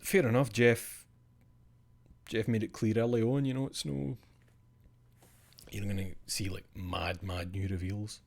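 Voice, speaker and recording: A man's voice: fairly low pitch, flat delivery, unhurried, creaky, long pauses, a little mellow. A male streamer chatting casually after a live show, rambling, sweary and self-mocking.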